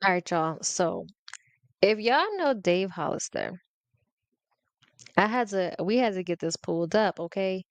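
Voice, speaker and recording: A woman speaking hosts a casual comedic rant, teasing and animated. Her voice is smooth and clear at a middling pitch. The recording is close and dry, with no room sound. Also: a little slow, pauses often, no echo. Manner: animated and playful, breaks into half-sung lyrics, laughs often. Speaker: podcast host.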